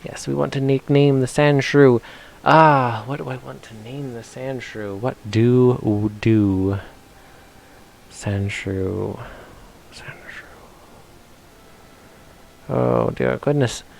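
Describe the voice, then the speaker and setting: A man's voice: medium pitch, steady tone, slow, creaky, darkish tone. A man chatting playfully while streaming a video game, sometimes reading game text aloud in silly voices. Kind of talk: casual live-stream commentary.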